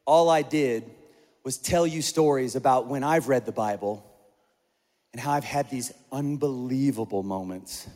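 A middle-aged man preaching a sermon, animated and conversational, with self-deprecating humor. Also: medium pitch, long reverb tail. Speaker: pastor.

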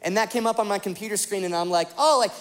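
Young male pastor, high voice, lively rambling storyteller delivering a sermon. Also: quick pace. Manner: animated storytelling with many fillers.

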